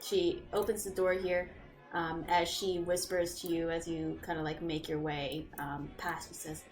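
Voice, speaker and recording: A playful woman runs a tabletop game as game master, narrating scenes with frequent laughs and asides. Her voice sits on the low side for a woman, and music plays behind her. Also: flat delivery, unhurried.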